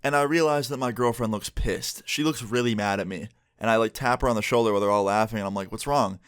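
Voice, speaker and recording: A young man rattling off a storytime at a fast clip, animated and casual. His voice is dry and close to the mic, with no room sound. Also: lowish voice, clean tone, no room sound. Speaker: vlogger.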